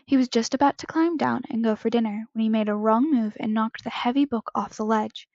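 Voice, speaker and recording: A woman's voice: on the high side, brisk, darkish tone, no room sound. A woman reading fan fiction aloud in an unpolished way, stumbling and correcting herself, on a close home microphone with a slightly dull, lo-fi sound. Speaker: podfic reader.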